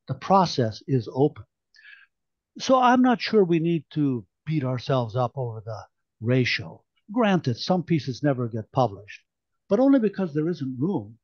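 A man voicing a stern male newspaper editor who speaks in a measured, lecturing way. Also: fairly high pitch, highs cut off.

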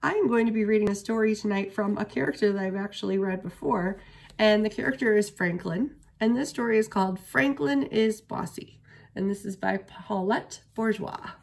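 A woman reading a children's picture book aloud as a storyteller, steady and expressive. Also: mid-range voice, normal speed, vocal fry.

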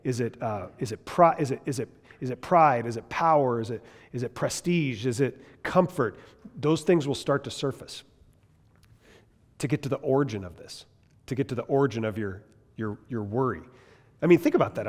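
A man's voice: medium pitch, big pitch swings, moderate pace. Emphatic man teaching a Bible class. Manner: emphatic, rhetorical questions, frequent restarts. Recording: long reverb in a hall.

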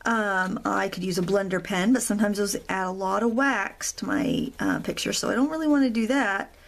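A woman's voice: medium pitch, sing-song, moderate pace, vocal fry. A middle-aged woman hosting a real-time coloring tutorial at a craft table, chatty and rambling, with self-deprecating asides.

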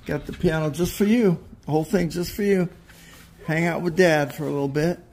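A father in casual family vlog chat, gently coaxing and encouraging his son. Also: fairly high pitch, brisk.

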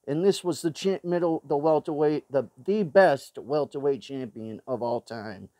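A man with a Boston accent and a fairly high, warm voice hosts his own show, ranting blunt, profane opinions to camera at a normal speed. His delivery rambles, full of fillers and restarts. The sound is clean studio quality without echo.

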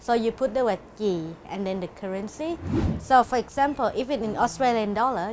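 A woman's voice: a little high, fast, darkish tone, slight background noise. Patient woman teacher. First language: Thai. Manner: patient, explains step by step with laughs. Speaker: language teacher. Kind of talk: casual language lesson.

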